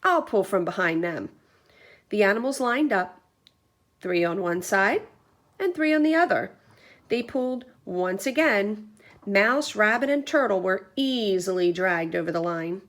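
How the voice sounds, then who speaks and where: A young woman teacher reading a picture book aloud to children, gentle and clear as she explains. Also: medium pitch, expressive, measured pace.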